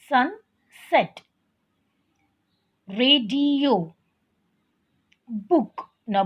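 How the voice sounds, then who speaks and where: A woman teacher leads a grammar lesson for young pupils, and her voice is a little high and husky. She moves through each point slowly and patiently. The recording is dull and lo-fi. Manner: slow, patient, addresses children often.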